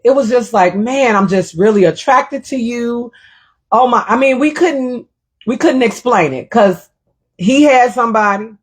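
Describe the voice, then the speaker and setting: A woman's voice: medium pitch, husky. A middle-aged woman hosting her own show, telling a personal story in a reflective, emotional way and repeating her phrases. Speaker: show host.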